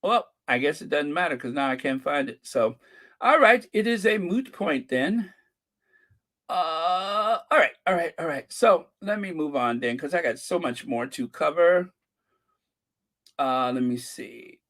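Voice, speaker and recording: A man's voice: fairly high pitch, animated, moderate pace, a bit bright. A man hosting a casual live stream, chatting about photos and thanking viewers by name with chuckles.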